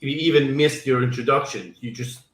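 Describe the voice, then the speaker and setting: A man's voice: mid-range voice, moderate pace, echoey room, low-quality recording. A man hosting a casual talk show, encouraging his guests and stammering at times. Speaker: host. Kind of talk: casual chat.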